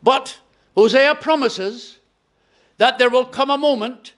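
A man with a Northern Irish accent preaching a gospel hall sermon, slow and emphatic, with sudden drops to a near hush. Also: extremely high pitch.

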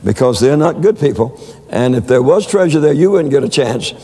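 A man's voice: mid-range voice, animated, moderate pace, mellow, breathy edge, big-room sound. A man preaching a sermon, telling stories with many stammered repeats. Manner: storytelling with frequent stammered repeats.

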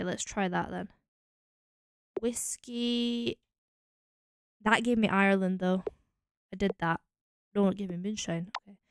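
Streaming a game, this Scottish woman muses out loud while testing combinations, her mid-range voice clear and resonant. The studio sound is clean, with no echo.

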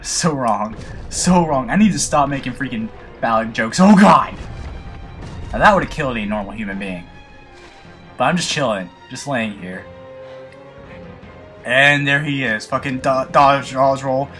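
A man with a nasal voice and a slight lisp, loudly and excitably commentating his own gameplay, swearing and joking constantly. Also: medium pitch, moderate pace, faint music behind. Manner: loud, excitable, heavy swearing and jokes. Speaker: let's play gamer.

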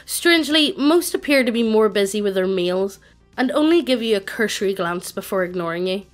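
A synthetic woman's voice reading the lines of a deadpan dungeon master. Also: medium pitch, a little fast, soft background music, natural voice. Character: dry, deadpan dungeon master of either sex.

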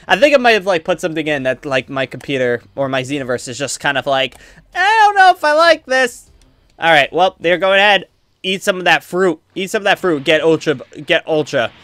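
Guy rambling thru a fighting game, bright voice, lots of ums and trash talk. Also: on the high side, no echo. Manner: excitable, trash-talks opponents while playing; rambling with many fillers. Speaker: gaming channel host. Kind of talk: let's play commentary.

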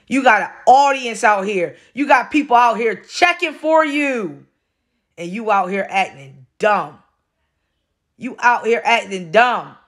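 A woman's voice: on the high side, a bit bright. A woman giving casual ranting commentary as a vlog commentator, blunt, profane and scolding, repeating her points for emphasis.

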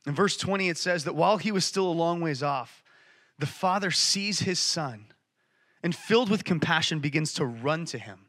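Bright, passionate male preacher. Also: a little high, animated, normal speed. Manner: passionate, storytelling, emphatic. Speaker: church speaker. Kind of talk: sermon.

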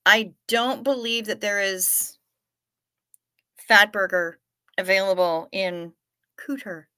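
Playful unhurried woman livestream host. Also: medium pitch, fairly even intonation, bright, forceful tone, smooth. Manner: playful and teasing, often laughing; trails off and restarts, unhurried. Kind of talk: casual livestream chat reading viewer comments.

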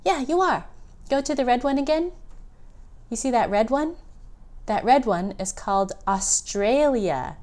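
A woman tutor giving a children's geography lesson, patiently correcting pronunciation slowly and clearly. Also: a little high, animated, darkish tone.

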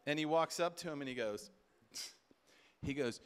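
A man giving a storytelling talk at a conference, animated and humorous, acting out the voices of people in his stories. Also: on the high side, normal speed, pauses often, clean tone. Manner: animated, acts out quoted voices, humorous asides. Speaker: conference speaker. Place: conference stage before a live audience.

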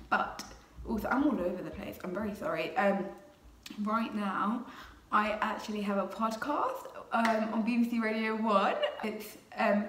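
A woman in her late teens talking casually to camera in a vlog, excited and rambling, full of "um" and "like". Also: mid-range voice, echoey room, distant mic. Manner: excited, rambling, lots of fillers. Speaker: YouTuber.

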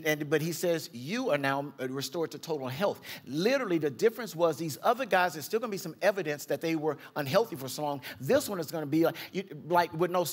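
Male pastor, fairly high pitch, chatty sermon delivery with acted-out quotes. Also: breathy edge. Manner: conversational preaching, acts out quotes with big pitch jumps.

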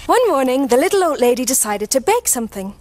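A woman telling a children's story aloud in a lively, expressive way for a young audience. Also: high-pitched, fast, a little hiss or hum.

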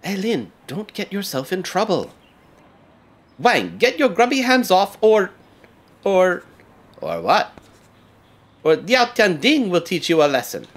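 A man doing a high, nervous young market worker. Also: wildly swooping pitch, normal speed, fairly bright tone, breathy edge, full character voice. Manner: stammering, eager, nervous.

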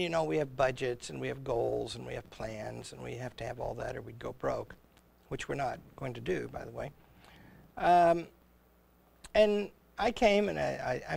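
A man's voice: fairly high pitch, creaky, no room sound. An older man, a college president, chatting casually and telling stories, often acting out the voices in his anecdotes. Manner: rambling storyteller, chuckles, acts out quoted exchanges. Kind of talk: casual conversation on a livestream.

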